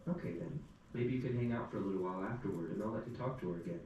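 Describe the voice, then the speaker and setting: A man's voice: fairly low pitch, expressive, racing, muffled recording. A man voicing a perky, teasing young barmaid in an echoey room. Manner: teasing, breezy. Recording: echoey room, distant mic, faint hum.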